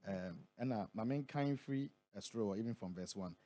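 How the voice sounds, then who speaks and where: Ghanaian prophet reading scripture, dry studio. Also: male voice, lowish voice, warm tone, no echo. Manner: reads scripture aloud, slowing and swelling on key words. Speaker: prophet, interview guest. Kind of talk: radio interview, reading scripture. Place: radio studio.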